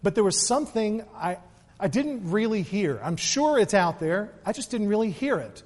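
A man giving an earnest Easter sermon as pastor, repeating words and moving between quick asides and slow, weighty emphasis. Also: high-pitched, big pitch swings, darkish tone. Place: church sanctuary. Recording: long reverb of a large hall.

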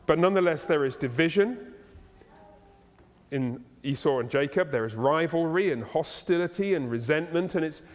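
A man preaching a sermon as pastor, animated and playful as he tells the story. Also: fairly high pitch. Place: church hall, live congregation. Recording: long reverb of a church hall.

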